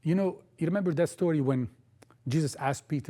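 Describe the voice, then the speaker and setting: Higher-voiced man preaching a sermon. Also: a little fast, darkish tone. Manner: emphatic, repeats key phrases.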